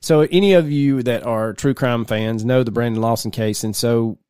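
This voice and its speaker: A man's voice: medium pitch, steady tone, moderate pace, darkish tone, clean tone, no room sound, studio quality. A man co-hosting a casual podcast, rambling through stories and laughing often. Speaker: podcast co-host.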